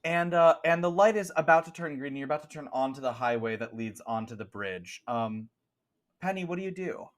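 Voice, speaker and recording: Animated man running a tabletop game. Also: medium pitch, a little fast. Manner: animated, loose with fillers. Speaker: game master.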